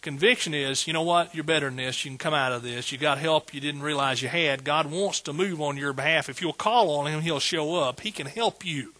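A man's voice: on the high side, brisk, few pauses, sharp tone. A man preaching a sermon as pastor, folksy and joking, building to emphatic bursts.

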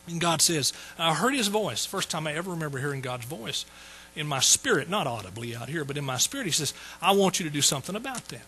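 A man's voice: a little high, sing-song, fast, few pauses, pushed and bright, slight background noise, poor audio. A man in his sixties telling his conversion story in a folksy sermon, repeating phrases for emphasis. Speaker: preacher. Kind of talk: sermon testimony.

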